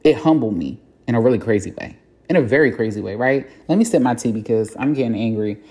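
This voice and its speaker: A woman's voice: very deep voice, expressive, fast talker, mellow, husky. A woman hosting a solo podcast, talking frankly and reflectively with casual swearing and plenty of fillers. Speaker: podcast host. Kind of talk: candid solo podcast monologue.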